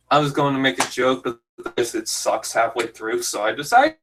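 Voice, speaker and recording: A man's voice: medium pitch, moderate pace, a bit bright, poor audio. A man giving casual, jokey commentary over a fan film, rambling and self-deprecating. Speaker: YouTube commentator.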